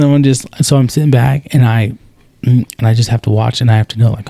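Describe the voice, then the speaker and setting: A man's voice: mid-range voice, steady tone, brisk, creaky, dark tone, no room sound. A man co-hosting a podcast, chatting casually in a rambling way, often restarting and quoting himself. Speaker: podcast co-host.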